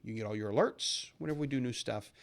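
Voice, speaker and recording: A man hosting a trading channel, giving an upbeat, persuasive recorded lesson that shifts into a sales pitch. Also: fast talker, gravelly. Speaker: trading educator and channel host. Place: lives in a southern US city.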